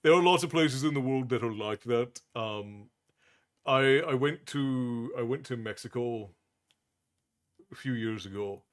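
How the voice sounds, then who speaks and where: A man's voice: mid-range voice, measured pace. Rambling man chatting on a stream. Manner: rambling, many restarts and chuckles. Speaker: livestream host. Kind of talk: casual chat with viewers.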